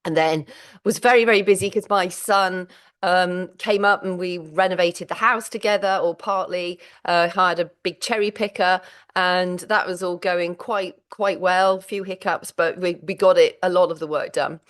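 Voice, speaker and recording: A middle-aged woman hosting her own vlog about menopause and sharing a candid personal update. She talks while exhausted and close to tears, with halting starts and restarts. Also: lowish voice, steady tone, a bit bright. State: physically and mentally exhausted.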